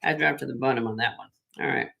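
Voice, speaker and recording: A woman's voice: rumbling low, fast talker, creaky, bright, forceful tone, slight background noise. A woman hosting a live online jewelry auction, chatting upbeat with viewers and laughing often. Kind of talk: live-stream auction chat.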